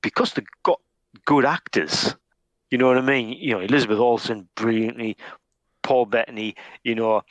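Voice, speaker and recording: A man's voice: mid-range voice, moderate pace, no echo, poor audio. A man in casual podcast chat, his mid-range voice circling back on itself with ums and restarts as he works through a thought. The sound is dry, with no room in it. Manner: hesitant, many restarts and fillers. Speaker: podcast co-host.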